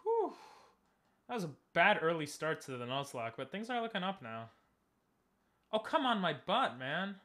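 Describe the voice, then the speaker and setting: A man's voice: fairly high pitch, very animated, normal speed, bright, forceful tone. A young man giving casual, joking commentary while streaming a game and talking with chat. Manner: chatty, joking, talks to chat.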